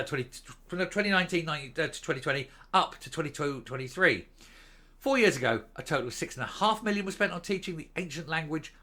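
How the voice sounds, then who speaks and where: A man with a fairly high, pushed and bright voice hosts a commentary vlog, delivering an indignant, scornful opinion rant to camera. He strays into tangents before coming back to his argument.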